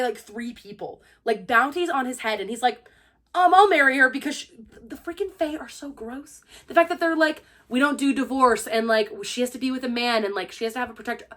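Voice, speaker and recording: Young woman, slightly high voice, chatty book review, gushing, acts out characters. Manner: peppers her speech with "like". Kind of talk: casual spoiler book review.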